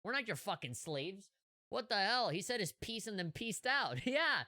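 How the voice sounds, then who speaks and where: A woman's voice: mid-range voice, very animated, moderate pace. A woman streamer doing casual, profane, joking commentary while playing a game. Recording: loud game music behind.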